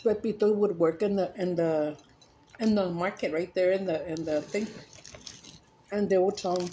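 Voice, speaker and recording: A woman vlogger casually telling a joke in a rambling, animated way and correcting herself as she goes. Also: lowish voice, normal speed, pauses often, background noise. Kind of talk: casual storytelling.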